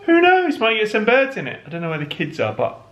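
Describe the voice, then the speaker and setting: A man's voice: high voice, wildly swooping pitch, quick pace, a bit bright. A middle-aged man, chatting casually as host of a family vlog at home, upbeat and self-mocking. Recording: echoey room, faint noise.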